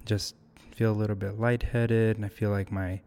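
In a relaxed podcast interview, a young male guest speaks at normal speed with a lowish, mellow voice and little pitch movement. He sounds thoughtful and unsure, frequently starting his sentences over.

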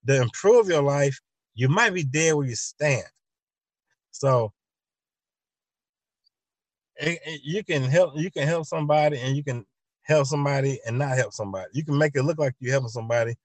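A man's voice: fairly high pitch, no room sound. A man hosting a show, telling a loose, repetitive comic monologue and acting out both sides of imagined conversations. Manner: loose, repetitive storytelling with many restarts. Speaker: show host.

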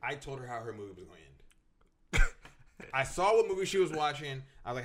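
A man's voice: medium pitch, very animated, fairly quick, fairly bright tone. A man co-hosting a podcast, easygoing and laughing often, telling stories in a casual chat. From California. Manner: easygoing, laughs often, self-described passive aggressive. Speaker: podcast co-host.

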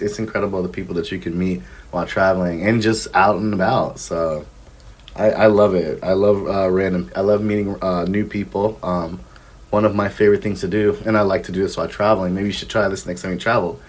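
A man's voice: deep voice, fairly even intonation, brisk. A man in his thirties, a podcast guest, telling travel stories in casual chat with lots of ums and likes. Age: 30s. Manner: rambling, filler-heavy, acts out dialogue.

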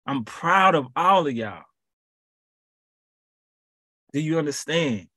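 Man preaching in a lively, repetitive way. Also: fairly high pitch, normal speed, few pauses, no echo, studio quality. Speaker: Bible study teacher. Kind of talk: preaching on a podcast Bible study.

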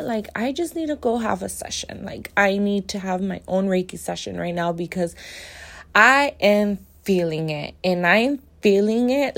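A woman's voice: mid-range voice, darkish tone. A woman speaking on a podcast in a heartfelt spiritual monologue, earnest and emotional, with many "like" fillers and a few Spanish phrases.

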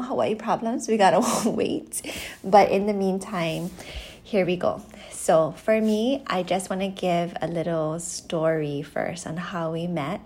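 A woman in her thirties chatting casually on a podcast with her husband, laughing often and acting out quoted voices, recorded on a phone at home. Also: on the low side. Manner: giggly, animated storytelling with put-on quoted voices. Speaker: podcast co-host. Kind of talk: casual chat. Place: home in Hawaii.

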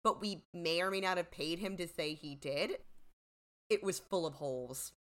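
A woman's voice: lowish voice, normal speed. A woman co-hosting a podcast in casual chat, rambling and trailing off with lots of "like" and "you know". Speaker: podcast co-host.

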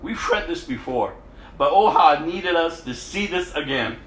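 A man's voice: fairly high pitch, expressive, moderate pace, fairly bright tone. A man preaching a sermon, reading scripture and then explaining it with emphatic repetition of key words. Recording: echoey room.

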